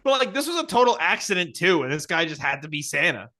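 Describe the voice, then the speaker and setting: Lively, bright-voiced man joking around. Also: a little high, fast talker. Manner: joking, animated, runs quiz questions. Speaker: podcast co-host. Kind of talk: casual chat.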